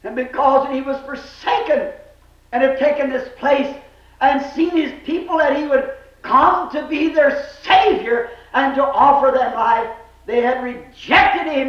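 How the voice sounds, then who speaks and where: A man preaches a fervent revival sermon in a very high voice, drawing his words out slowly. He swings between shouted cries and hushed, low lines. The recording is echoey and dull, like an old tape of a church service. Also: expressive.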